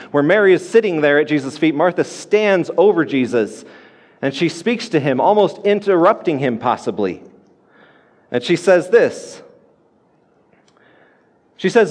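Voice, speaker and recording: Male pastor, sermon, earnest, repeats his points, slightly high voice, long hall reverb. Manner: earnest, repeats key points, restarts phrases.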